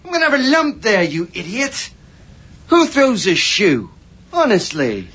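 A comedy impression of a petulant man in high office, whining slowly and sulkily. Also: wildly swooping pitch, fairly bright tone, slightly rough, exaggerated voice. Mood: whiny. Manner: whiny, drawn-out complaining. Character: whiny, petulant mock president, a man.

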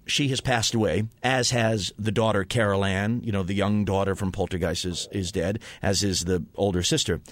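A man's voice: fairly low pitch, dry recording. A man co-hosting a radio talk show, telling stories in a rambling way with lots of fillers and self-corrections. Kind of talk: casual on-air chat, storytelling.

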